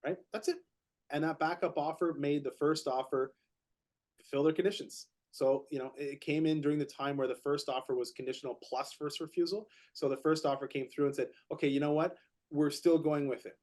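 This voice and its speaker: A man with a fairly high voice tells a story on a podcast in casual chat. He gets animated, repeats words as he gathers speed, and acts out the quotes of the other people in the story. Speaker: podcast co-host, real estate agent.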